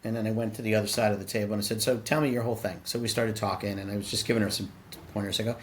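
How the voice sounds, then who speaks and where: A man's voice: lowish voice, steady tone, racing, a little hiss or hum. A middle-aged man, a podcast guest, talking casually and animatedly, acting out quoted dialogue as he tells stories. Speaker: podcast guest, sales executive. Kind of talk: casual interview conversation.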